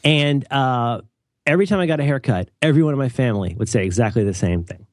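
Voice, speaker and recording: A man's voice: medium pitch, fast, dry recording, clean studio sound. A man co-hosting a podcast, telling rambling wry stories in casual chat. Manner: wry, rambling, animated storytelling. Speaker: podcast co-host.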